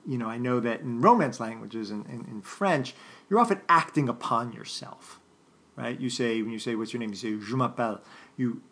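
Lecturing without a script, a man thinks aloud, stopping and restarting his sentences with plenty of fillers in a thoughtful, halting manner. His middle-range voice is fairly bright with a gravelly fry at the bottom, and he keeps turning to the listeners with a quick "right?".

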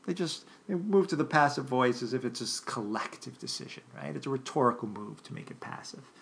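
Halting, gravelly-voiced man lecturing. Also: mid-range voice, sing-song, a bit bright. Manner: thoughtful, halting, many restarts and fillers; addresses listeners directly, often checking with "right?". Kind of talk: unscripted philosophy lecture.

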